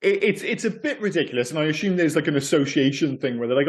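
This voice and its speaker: A man co-hosting a film podcast, talking in a rambling, self-correcting, animated way in casual chat. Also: mid-range voice, racing, hardly any pauses. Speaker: podcast co-host.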